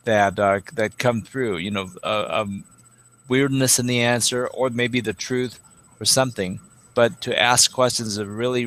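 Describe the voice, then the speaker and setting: A man hosts a live stream and answers the comments his viewers send in. His delivery is earnest but halting, full of pauses and small fillers. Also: medium pitch, fairly bright tone. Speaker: host reading viewer comments.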